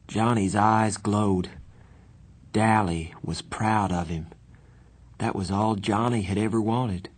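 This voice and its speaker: A man reading a novel aloud in the first person, with measured, earnest storytelling. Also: fairly low pitch, steady tone, darkish tone, breathy edge. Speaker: audiobook narrator.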